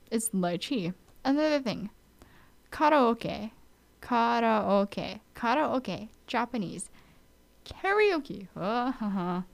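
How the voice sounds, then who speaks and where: A young woman from Oahu with a Hawaiian accent, chatting casually to camera in an animated, mock-exasperated way. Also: fairly high pitch. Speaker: vlogger. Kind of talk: casual chat.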